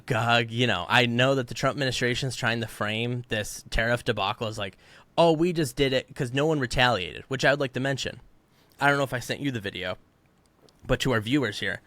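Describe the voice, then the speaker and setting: A man's voice: medium pitch, sharp tone, no echo. Fired-up man ranting about politics. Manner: fired up, ranting, mimics people he quotes. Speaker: podcast co-host. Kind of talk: heated political commentary.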